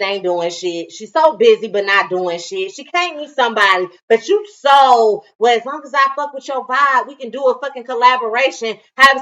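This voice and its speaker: A high, bright woman talks blunt and profane, her pitch leaping all over as she rants. She sounds a little far from the mic, with a dull, muffled recording. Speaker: co-host of a reality TV review show. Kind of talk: casual chat.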